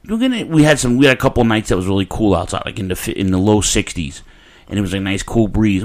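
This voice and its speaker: A man, talking in a rambling, animated way. He swears freely as he hosts a casual podcast chat. He sounds like he is in his thirties. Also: lowish voice, brisk. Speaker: podcast host.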